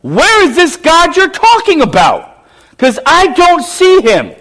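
A man's voice: very high voice, huge pitch swings, slow, fairly bright tone, voice pushed up, full character voice. A man preaching voices an oppressed young man who demands answers in rising, exasperated questions. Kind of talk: sermon, acted quote.

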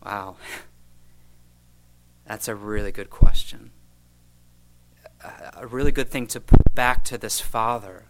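A man preaching an expository sermon, reading scripture aloud and then commenting with gentle asides. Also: fairly low pitch, slow pace, long pauses, rough recording.

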